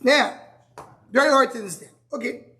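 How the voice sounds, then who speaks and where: A man's voice: extremely high pitch, normal speed, sharp tone. Style man teaching a Talmud class. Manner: thinks aloud with many restarts, fields student questions.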